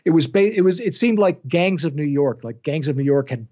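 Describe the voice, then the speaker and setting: A middle-aged man, an audiobook narrator, chatting in an interview in an animated, self-deprecating way, often restarting his sentences. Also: fairly high pitch, fairly quick. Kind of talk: casual interview chat. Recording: dull lo-fi sound.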